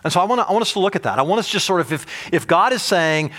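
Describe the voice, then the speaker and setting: Male pastor, sermon, fairly high voice, animated, rhetorical questions, stumbling restarts. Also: very fast. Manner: frequent restarts and repeated words.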